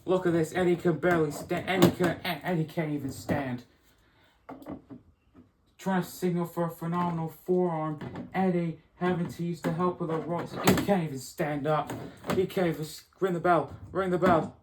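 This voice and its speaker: A woman's voice: on the low side, steady tone, normal speed. A woman giving emotional, swearing fan commentary on a wrestling video game. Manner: emotional, swearing, outraged outbursts. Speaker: play-by-play commentator. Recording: echoey room, clear background noise.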